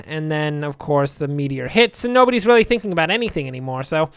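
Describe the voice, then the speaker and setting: A man's voice: on the high side, animated, quick pace, few pauses, smooth, dry recording. A young man casually commentating his gameplay, rambling and joking, muttering asides to himself at a home desk microphone. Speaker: let's play host.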